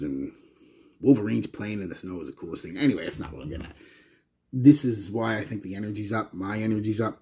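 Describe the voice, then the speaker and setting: A Canadian man talks casually to his viewers, wandering through his thoughts with plenty of restarts. His voice sits very low with a husky, breathy edge. The delivery is loose, chatty vlog talk. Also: dark tone. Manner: rambling and chatty, with frequent restarts. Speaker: fragrance reviewer.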